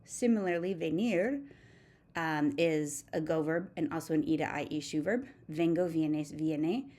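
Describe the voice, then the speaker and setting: A woman, a teacher giving a steady, methodical recorded grammar lesson and reciting verb forms one by one. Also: low voice, unhurried. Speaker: Spanish teacher.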